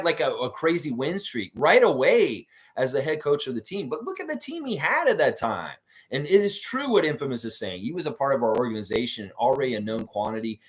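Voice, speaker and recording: A man in a casual livestream chat, answering viewer comments one after another. He rambles and leans on fillers, with a voice sitting at an ordinary middle pitch. He gets eager whenever a comment lands with him. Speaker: host of a fan livestream.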